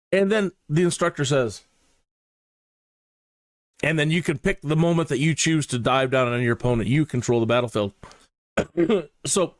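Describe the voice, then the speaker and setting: In a dry recording, a medium-pitched man talks through his own flight sim session into a close desk mic. The host's casual narration is mannered and storytelling, laced with self-mockery.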